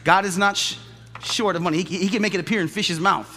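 A male pastor preaching a lively, joking sermon in a church, often acting out the people he describes. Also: high-pitched, fast. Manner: animated, jokey, acts out quoted voices. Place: church sanctuary. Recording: long church hall reverb.

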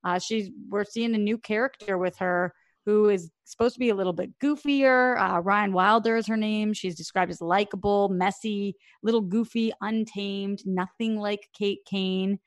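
A woman's voice: mid-range voice, fairly even intonation, moderate pace, few pauses, dry recording, studio quality. A woman hosting a podcast, chatting upbeat about entertainment news and talking to the live chat. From Boston. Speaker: podcast host.

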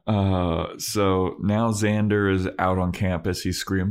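Male podcast co-host, low voice, casual recap, acts out quoted lines. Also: little pitch movement, normal speed, a little mellow. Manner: retells scenes acting out characters' lines, laughs often.

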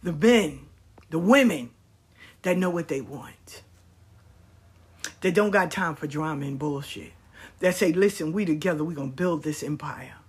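A woman telling frank stories in a candid monologue, blunt and profane, with emphatic delivery and quick mimicry of other people. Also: sits low, breathy edge. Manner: mimics people in quoted asides.

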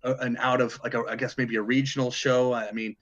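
This Detroit guitarist, middle-aged and used to touring, keeps a level tone and a fairly quick pace in his mid-range voice, though the audio is dull. It's a relaxed interview full of rambling stories, false starts and the odd curse word.

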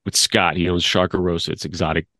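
A man's voice: low-pitched, little pitch movement, fast talker, bright, forceful tone, dry recording. A man in his fifties, a guest on a chat show, telling stories in a loose, rambling way and laughing often. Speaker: guest, media producer. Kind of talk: casual interview chat.

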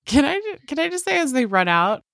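A woman co-hosting a casual paranormal podcast, laughing often and acting out quotes in an animated way. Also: high voice, brisk, vocal fry, dry recording, studio quality. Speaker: podcast co-host. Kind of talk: casual chat.

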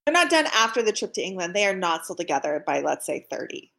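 A woman's voice: lowish voice, sing-song, fast talker, vocal fry, a bit bright. A woman co-hosting a casual film podcast, blunt and sarcastic, swearing freely. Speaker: podcast co-host. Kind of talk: casual movie discussion.

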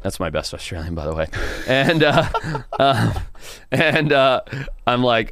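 A man guest on a podcast telling a wild story in a casual, animated way, swearing and laughing now and then. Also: fairly low pitch, normal speed, no echo. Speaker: podcast guest, wildlife TV presenter.

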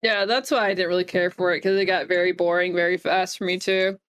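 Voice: mid-range voice, flat delivery, a little fast, fairly bright tone, smooth. A podcast host in casual chat, rambling along in a laid-back way.

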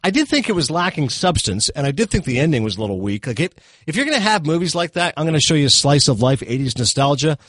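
A middle-aged man giving casual, animated film reviews on a talk show, full of quick asides and self-corrections. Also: a little high, dry recording.

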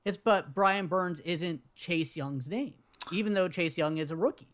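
A man's voice: sits high, a little slow, fairly bright tone. A man co-hosting a casual sports podcast, talking in a conversational, slightly hesitant way. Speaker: podcast co-host.

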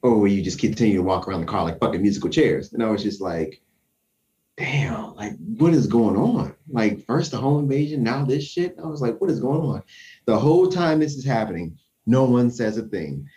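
A man casually telling a tense personal story, acting out his own quotes with lively shifts. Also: medium pitch, brisk, distant mic.

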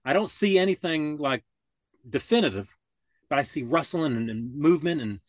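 A man's voice: fairly high pitch, lively intonation, moderate pace, no echo. An older man telling a story in casual conversation, rambling and restarting often, acting out the other people in it. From Florida. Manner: rambling, restarts often, acts out quoted voices. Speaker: podcast guest.

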